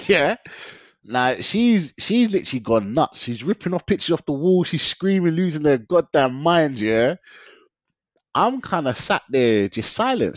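A man's voice: fairly high pitch, sing-song, measured pace, a bit bright, no room sound. A young man, telling his story in a casual interview, slangy and often laughing. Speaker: guest. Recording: dull lo-fi dry sound.

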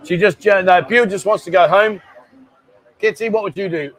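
A man's voice: high-pitched, moderate pace, a bit bright, some chatter behind. A man, hosting a casual live stream and bantering as he reads out viewer comments. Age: 50s. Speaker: host.

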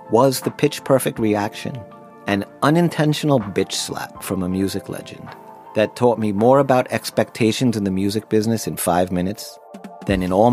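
A man's voice: lowish voice, darkish tone. Wry man narrating his memoir. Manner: wry, self-deprecating storytelling. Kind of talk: first-person audiobook narration.

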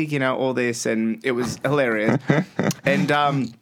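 A man's voice: mid-range voice, measured pace. An Australian man in his thirties, a radio host telling rambling anecdotes as a podcast guest, often laughing mid-sentence. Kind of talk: casual storytelling interview. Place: studio.

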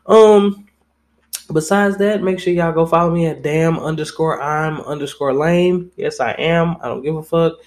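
A man's voice: on the high side, measured pace, darkish tone. Blunt, profane young man podcasting. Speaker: podcast host. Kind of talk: casual solo podcast commentary.

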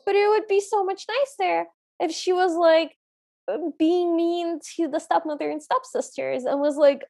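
A woman's voice: very high-pitched, fairly even intonation, normal speed, vocal fry, dark tone. A woman co-hosting a podcast, chatting casually and stating her opinions and dislikes plainly. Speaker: podcast co-host. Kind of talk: casual chat.

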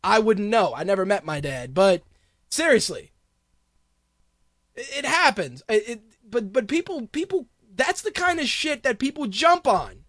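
Heated, foul-mouthed radio host. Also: male voice, sits high, big pitch swings, a little slow, fairly bright tone, no echo, clean studio sound. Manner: heated, profane, rambling with many restarts. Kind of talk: casual on-air rant.

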